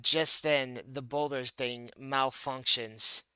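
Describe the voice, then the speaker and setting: A man's voice: medium pitch, steady tone, slow pace, bright, forceful tone, clear, resonant tone, dry recording. A man running a tabletop game as game master, narrating scenes playfully with laughs and restarts.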